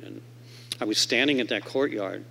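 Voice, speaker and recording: A man's voice: moderate pace, creaky. A man speaking at a convention stage mic, telling his recovery story to the audience and acting out the voices of the people in it. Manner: animated storyteller who acts out quoted voices; swings from loud and emphatic to low and quiet.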